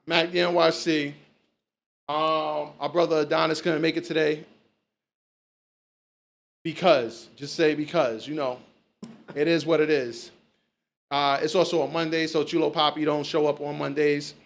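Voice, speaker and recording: A man hosts a loose, swearing, storytelling chat. His voice sits a little higher than most men's, and he talks casually with his guests. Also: fairly even intonation, measured pace, creaky, long pauses. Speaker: podcast host.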